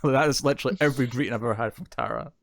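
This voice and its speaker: Podcast co-host, male, mid pitch, dry close sound, rambling and giggly. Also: racing, no echo. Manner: rambling, laughs often. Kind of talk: casual chat.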